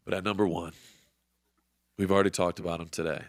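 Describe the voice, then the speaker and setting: Deep-voiced fired-up podcast host. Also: male voice, flat delivery, fast, no room sound, studio quality. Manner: fired-up, profane, motivational. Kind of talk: casual sports podcast chat.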